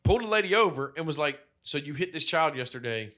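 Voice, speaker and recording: A man with a fairly high voice tells a story as a podcast co-host. He talks loosely and with a lot of swearing, and he acts out each person in the story as he goes. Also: fast talker. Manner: animated, profane storytelling with acted-out quotes. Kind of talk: casual chat, storytelling.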